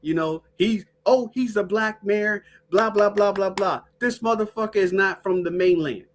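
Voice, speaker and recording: A woman hosting a podcast, ranting with profane, animated storytelling in casual chat. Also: medium pitch, moderate pace, a little hiss or hum. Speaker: podcast host.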